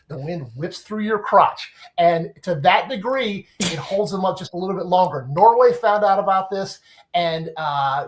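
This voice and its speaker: Animated male sports writer explaining. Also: high-pitched. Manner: animated, explains with everyday comparisons. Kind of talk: casual podcast discussion.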